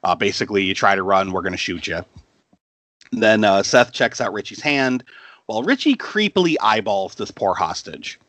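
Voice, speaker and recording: A man's voice: fairly low pitch, lively intonation, moderate pace, a bit bright, no room sound. A man hosting a podcast who retells a film in casual chat, laughing often and swearing freely. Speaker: podcast host.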